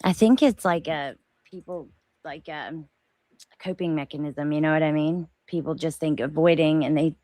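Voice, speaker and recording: A woman's voice: low-pitched, normal speed, warm tone, dry recording. A woman co-hosting a casual commentary chat, musing aloud in a loose, chatty way. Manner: chatty, thinks aloud with fillers and hedges. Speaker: co-host.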